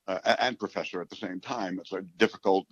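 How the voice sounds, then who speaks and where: A man in his seventies from New York City, a radio play-by-play announcer, telling rambling, animated stories in a casual interview. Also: sits low, fast, husky, no echo. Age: 70s. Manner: animated, rambling storyteller who acts out quotes. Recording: dull, dry recording.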